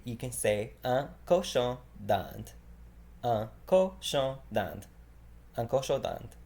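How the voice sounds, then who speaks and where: A man from the United States giving a relaxed, chatty vocabulary lesson, repeating each word slowly and laughing often. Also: on the low side, creaky. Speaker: language teacher.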